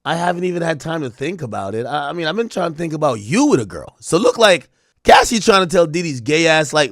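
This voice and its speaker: A young man doing a livestream reaction, loud and profane, laughing and mocking as he reads texts aloud. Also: a little high, big pitch swings, a little fast, dry recording, clean studio sound. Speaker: streamer reacting to trial texts.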